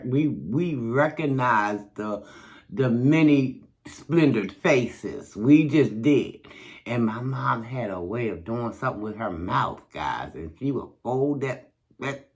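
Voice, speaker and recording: Slow, lively low-voiced woman storyteller. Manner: animated, chatty storyteller who addresses viewers directly. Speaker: channel host telling a personal story. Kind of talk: casual storytime monologue.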